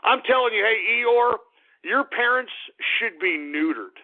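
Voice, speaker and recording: High-voiced, blunt radio host. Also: male voice, expressive, a little slow. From Texas. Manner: blunt, crude, opinionated ranting. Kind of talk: ranting call-in radio talk. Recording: tinny phone-like radio audio.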